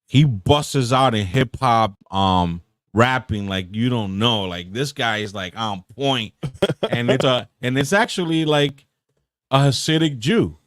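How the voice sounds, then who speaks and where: A man co-hosts a podcast, chatting casually, joking, and laughing often. His medium-pitched voice has lively intonation and an unhurried pace, captured in clean studio sound with no room echo.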